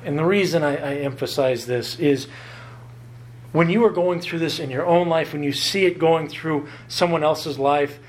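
A fairly high-pitched man preaches from a Bible passage in an earnest, emphatic way. He stretches key words slowly and lightly pokes fun at himself along the way.

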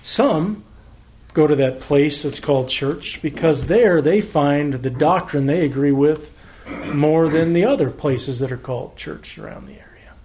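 A man delivers a sermon from the pulpit, his voice sitting a little high. He speaks conversationally, asks the congregation rhetorical questions and plays out short back-and-forth exchanges. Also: darkish tone. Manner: conversational preaching with rhetorical questions and acted-out dialogue. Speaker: pastor.

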